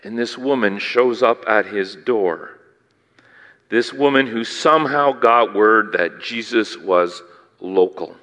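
A man preaching a sermon, theatrical and animated, swinging from loud bursts to hushed asides and quizzing his listeners. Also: on the low side, slow pace. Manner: asks the listeners questions. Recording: long hall reverb.

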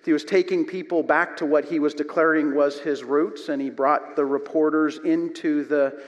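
A man preaching a sermon from the front of a church, his voice sitting a little high. He tells stories with animated swings between loud and quiet. The sound carries the long reverb of a large hall. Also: moderate pace, highs cut off. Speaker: pastor. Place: church sanctuary.

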